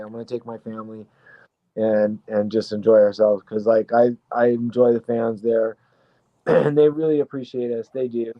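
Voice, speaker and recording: A man tells a story as a talk-show guest. His delivery rambles and swears, turning excitable as he goes. The sound is dull, lo-fi and dry. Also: mid-range voice, no room sound. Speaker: guest actor. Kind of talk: casual storytelling.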